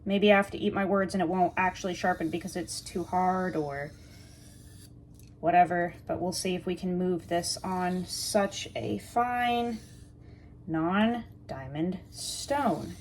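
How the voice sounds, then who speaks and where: A woman's voice: fairly low pitch, takes it slowly, slight background noise. A woman reviewing a knife in a casual, chatty way, joking and talking straight to her viewers while she sharpens at her workbench.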